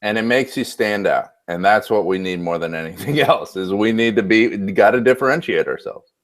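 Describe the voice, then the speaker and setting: Laid-back guy hosting a chat, lowish voice, laughs a lot. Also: moderate pace. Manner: easygoing, affirming, laughs often. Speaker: host. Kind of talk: casual interview chat.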